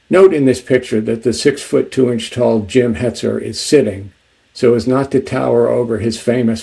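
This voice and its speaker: Male author, measured delivery, dark gravelly voice. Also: medium pitch, low-quality recording. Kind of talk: book talk with reading.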